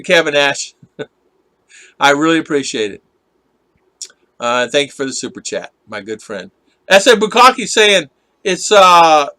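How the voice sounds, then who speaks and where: A man's voice: high voice, pushed and bright, dry recording. A man hosting a casual live stream, rambling and chatting with viewers, laughing often as he reads their comments.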